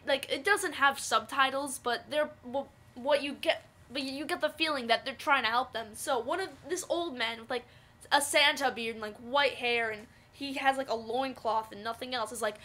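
A young woman vlogging, telling a story casually with lots of fillers and excitable outbursts. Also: sits high. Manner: rambling, filler-heavy, excitable.

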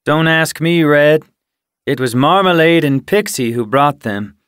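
A man voicing a grumpy, toothless old she-cat in an audiobook, raspy and dry. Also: a little high, a little slow, fairly bright tone, no echo, pitched above the performer's own voice.

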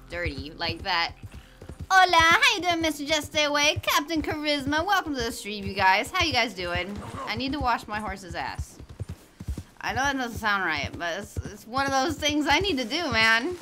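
A woman's voice: fairly high pitch, pushed and bright. A woman streaming a game in casual chat, greeting viewers by name and laughing often. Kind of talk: casual livestream chat while gaming.

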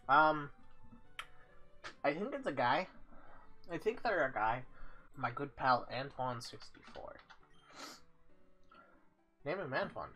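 A man narrates his video game session in a casual, joking way and reads the on-screen text aloud. His voice is bright and very animated, rising and falling constantly. Faint game music plays underneath. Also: a little high. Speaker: let's play host. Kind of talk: casual gameplay commentary.

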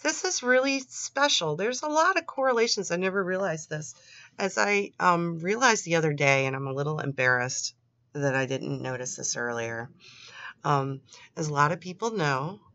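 A woman's voice: sits low, animated, normal speed, sharp tone, dry recording. A young woman reading chat logs aloud and adding sarcastic, disgusted comments. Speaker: commentary host. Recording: dry, slightly dull lo-fi home recording.

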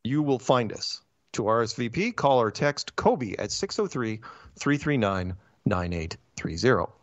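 Male host with a lively, ranting delivery, dry and slightly muffled stream audio. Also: medium pitch, no echo. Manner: animated, ranting, quick asides and restarts. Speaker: podcast host. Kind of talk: casual chat.

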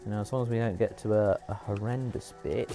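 A man hosting a live game stream, chatting and reacting with animated, laugh-prone commentary. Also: fairly low pitch, fast talker, creaky, music in the background. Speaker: streamer host.

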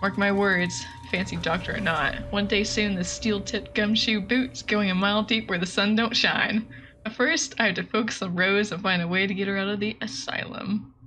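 Woman voicing a gruff male detective, grumbling, tough, faint music. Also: medium pitch, fairly even intonation, normal speed, pushed and bright, close to an everyday voice.

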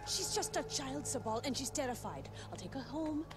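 A woman's voice: high voice, expressive, normal speed, soft background music. An actress playing a blunt, pragmatic female rebel leader in a video game, speaking in an argumentative way. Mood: tense. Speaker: game character.

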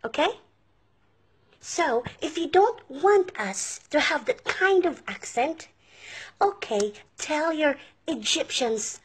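A Filipino woman from the Philippines scolding in a confrontational rant, throwing in Arabic insults. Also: high-pitched. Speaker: overseas worker vlogger. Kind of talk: angry rant to camera.

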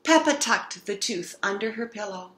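A woman reading a children's picture book aloud with expressive narration. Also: medium pitch, moderate pace, a little hiss or hum. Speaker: storybook reader. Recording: roomy echo.

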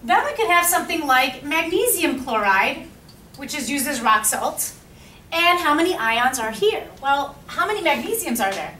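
Bright-voiced woman teaching chemistry in an echoey classroom. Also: sits high, big pitch swings, moderate pace, slight background noise. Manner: asks the class questions and repeats their answers. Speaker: high school chemistry teacher. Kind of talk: classroom lecture. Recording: echoey classroom, mic at a distance.

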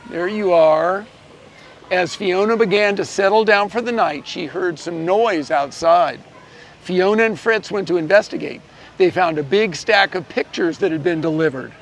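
A man reading a children's picture book aloud, gently telling the story and shifting his voice a little for each character. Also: high-pitched, vocal fry, slight background noise. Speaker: storybook reader.

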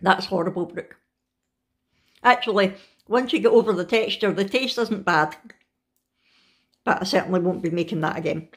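A woman's voice: mid-range voice, moderate pace, long pauses, fairly bright tone. A Scottish woman chatting casually in a home kitchen for a family vlog, laughing often and cooing at pets. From Scotland. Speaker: vlogger.

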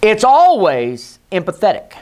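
A pastor giving an emphatic sermon in a church, sometimes hushed and sometimes shouting, and calling on the congregation to repeat his words. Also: sits high, wildly swooping pitch, unhurried, smooth. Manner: leads the congregation in call and response. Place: church sanctuary.

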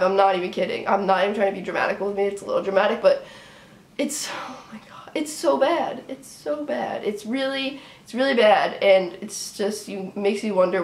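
A young woman with a sinus infection ranting casually to camera as a sports vlogger, animated and exasperated, often asking "right?". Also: medium pitch, reverberant. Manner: animated, exasperated, talks in quick bursts with many "right?"s. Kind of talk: casual fan rant to camera.

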